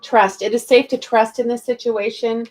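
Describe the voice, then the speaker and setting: A woman's voice: a little high, fairly even intonation, normal speed, darkish tone, faint music behind, low-quality recording. A woman giving live-stream spiritual card readings, chatty and calling viewers darling and sweetie. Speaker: spiritual reader.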